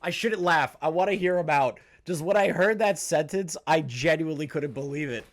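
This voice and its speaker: A man's voice: fairly high pitch, normal speed. A young man hosting a reaction commentary, profane and incredulous, often breaking into disbelieving laughter. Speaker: commentary channel host.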